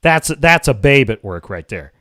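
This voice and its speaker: Ranting man with a lively voice. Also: mid-range voice, moderate pace, no room sound, studio quality. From United States. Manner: opinionated, exasperated, emphatic. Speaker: podcast host. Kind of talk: casual ranting commentary.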